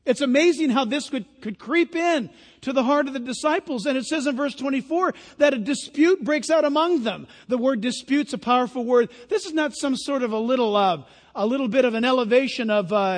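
A man preaching a sermon in a lively, conversational way. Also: very high voice, a little fast. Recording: long hall reverb.

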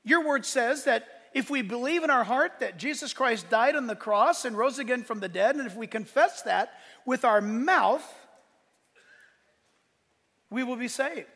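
High-voiced gravelly preacher in a hall. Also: male voice, lively intonation, unhurried, pushed and bright. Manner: impassioned preaching, rising and falling in force. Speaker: pastor. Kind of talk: sermon. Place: church sanctuary. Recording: long reverb of a large hall.

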